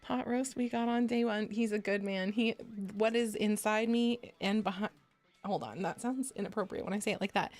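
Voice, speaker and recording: A woman's voice: mid-range voice, steady tone, moderate pace, a little mellow. A woman VTuber chatting casually on a stream, rambling, giggling often and poking fun at herself. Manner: rambling, giggly, self-deprecating.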